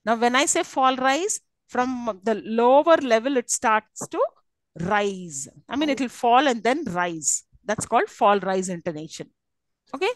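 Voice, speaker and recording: A woman with a fairly high voice and lively intonation speaks at a moderate pace in a dry recording. She's giving a university lecture, explaining step by step and often checking understanding with repeated "okay?" and "isn't it?".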